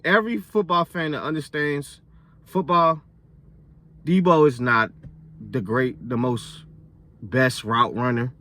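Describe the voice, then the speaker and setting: A young man giving casual football commentary in a blunt, opinionated way, full of slang and fillers, and getting louder when he is fired up. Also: medium pitch. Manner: loose slangy talk with many fillers. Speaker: sports vlogger.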